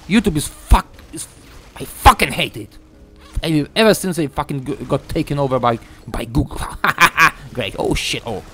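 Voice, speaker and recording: A young man giving a ranting gameplay commentary, frustrated and swearing, halting with many fillers. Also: mid-range voice, pushed and bright. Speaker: gaming YouTuber.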